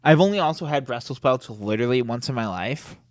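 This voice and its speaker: A young man in casual podcast chat, animated and opinionated, swearing casually. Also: medium pitch, a little fast, no echo, clean studio sound. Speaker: podcast co-host.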